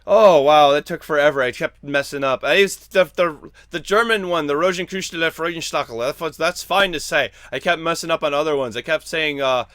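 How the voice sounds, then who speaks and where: A man's voice: on the high side, brisk, few pauses, fairly bright tone, no room sound, studio quality. A man from the United States hosting a gaming news show, moving from a scripted read into rambling, self-deprecating casual chat.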